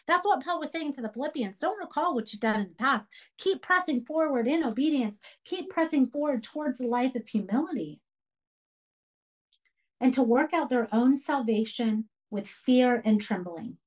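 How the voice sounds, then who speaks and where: A woman's voice: high-pitched, lively intonation, normal speed, poor audio. A woman leading a Bible study for a women's group, earnest and emphatic, repeating key phrases as she teaches. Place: church radio program.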